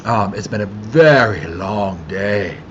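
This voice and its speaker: A man's voice: on the low side, slow pace, muffled recording, slight background noise. A man from the Carolinas with a Southern accent, hosting a casual live chat, greeting viewers by name and laughing often. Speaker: livestream host.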